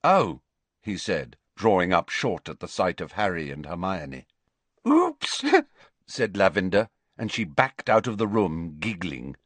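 A man reading an audiobook aloud as its narrator, expressive and measured in his storytelling. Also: deep voice, no room sound. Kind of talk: scripted narration.

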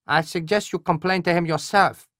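A man voicing a curt, sly male colonel with a high nasal voice, from an audiobook. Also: steady tone, normal speed, a bit bright, no echo, clean studio sound, lightly acted.

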